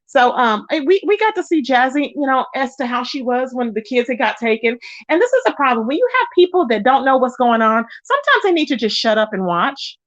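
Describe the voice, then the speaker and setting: A high-voiced woman hosts a casual gossip livestream, chatty and animated as she greets viewers by name. Her voice sounds dull and lo-fi in a dry, close space. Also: brisk, hardly any pauses, no echo. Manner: animated, pitch jumps up when excited. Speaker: live-stream gossip host. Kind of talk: casual live-stream chat.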